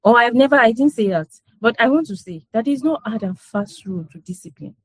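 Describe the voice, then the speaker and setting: A woman with a somewhat high voice talks in a loose, conversational way, repeating herself and checking that her listeners follow along. She laughs easily as she tells stories. The sound is dry and close, with no room around it. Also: expressive, fairly quick, husky, no room sound. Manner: conversational, repeats herself, frequent "you know" and "do you understand"; laughs often while telling stories. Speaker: parent speaker in a parenting session. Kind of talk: casual talk to a group.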